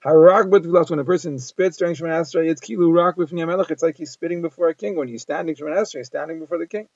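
A man's voice: on the high side, fast talker, creaky, darkish tone, no room sound. A man giving a daily Talmud lesson, translating phrase by phrase in an explanatory manner. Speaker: Talmud teacher. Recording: dull lo-fi dry recording.

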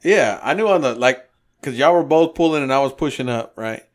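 A man's voice: medium pitch, a little fast. Guy on a podcast telling a wild story, cussing a lot, doing everyone's lines. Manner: profane, animated storyteller acting out quotes. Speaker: podcast co-host. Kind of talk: casual storytelling chat.

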